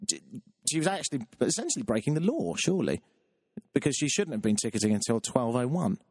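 Man, talk radio dj, self-deprecating, rambling, wry, dry close sound, mid pitch. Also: big pitch swings, fast, darkish tone, breathy edge, dry recording. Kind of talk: confessional radio monologue.

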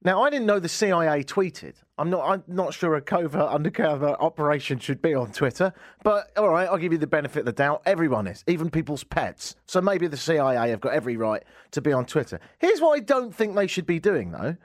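A man's voice: on the high side, sing-song, a little fast, hardly any pauses, no room sound, clean studio sound. A man with an English accent hosting a radio talk show, talking in a wry, exasperated comic rant. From England. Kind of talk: casual comic radio monologue. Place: radio studio.

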